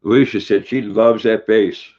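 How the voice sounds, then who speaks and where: This older man hosts a casual livestream, eating as he reads viewers' comments aloud in a folksy manner. His voice sits fairly low, with a steady, slightly mellow tone at a normal speed. The stream audio is dull and lo-fi.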